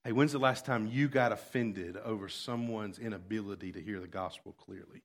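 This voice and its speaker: A man preaching a sermon, dropping to quiet asides and then rising to loud, fervent passages. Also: fairly low pitch, normal speed, few pauses. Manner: swings from hushed asides to loud impassioned preaching.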